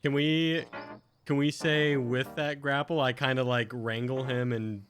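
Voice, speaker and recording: A man's voice: mid-range voice, level tone, measured pace, a bit bright. Casual man playing a tabletop game. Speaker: player.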